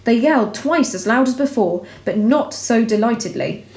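A woman reading a storybook aloud in a measured, expressive way. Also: a little high. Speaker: narrator. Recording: roomy echo.

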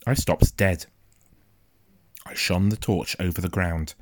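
A man narrating a first-person story in a quiet, measured, suspenseful way. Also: low voice, fairly even intonation, background noise. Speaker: audiobook narrator.

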